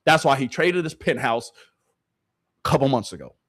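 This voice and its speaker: With a medium-pitched, slightly bright voice and lively intonation at normal speed, a man rants heatedly about sports. As host, he talks directly to his stream chat, repeating points and using slang.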